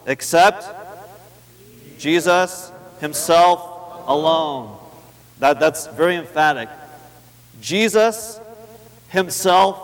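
A man delivers a sermon in a relaxed, conversational manner, repeating key phrases for emphasis. His voice sits a little high for a man. He slows down to read scripture, and his words ring out in a large hall with a long reverb. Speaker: preacher.

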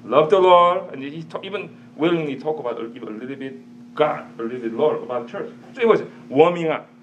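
A man teaching a church audience in a sermon style, animated, quizzing listeners, with broken, non-native-sounding phrasing. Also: medium pitch, quick pace, dull audio, a little hiss or hum.

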